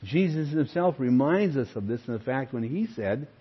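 Older man, pastor, emphatic sermon, lively swooping pitch, dull lo-fi sound. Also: moderate pace, husky. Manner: earnest preaching, emphatic, addresses listeners as friends.

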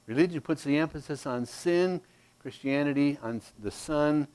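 A man preaching a sermon, stressing contrasts with repeated phrases and often dropping his voice low and quiet. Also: normal speed. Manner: emphatic contrasting repetition, drops to quiet.

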